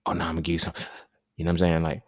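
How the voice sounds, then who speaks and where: A man's voice: low voice, completely flat delivery, racing, no room sound, studio quality. A man hosting a podcast, talking in a casual, emphatic monologue full of slang and repeated points. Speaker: podcast host.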